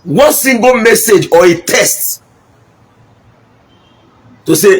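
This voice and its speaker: A middle-aged Nigerian local politician delivers an impassioned speech in a high, animated, slightly breathy voice at a measured pace with long pauses. He blends Pidgin with English and repeats his points for emphasis.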